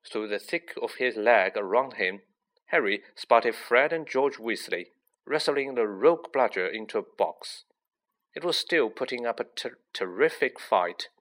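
Slow, expressive male storybook narrator. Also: mid-range voice. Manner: slow, lively, expressive reading. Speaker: audiobook reader.

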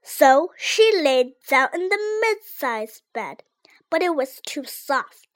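A child reads a storybook aloud with a high, lively voice that rises and falls a lot. The reading is slow and careful, each phrase set apart. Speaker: reader.

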